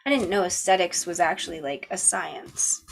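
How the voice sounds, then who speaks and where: A woman hosting a book club, reading a philosophy text aloud at an even pace and breaking off now and then for casual chatty asides. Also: lowish voice, moderate pace, creaky, a little hiss or hum.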